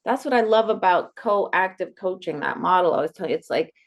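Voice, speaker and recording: A woman coach talking as a guest in a casual podcast conversation, animated and quick to act out what people say. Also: fairly low pitch. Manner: animated, acts out quoted voices.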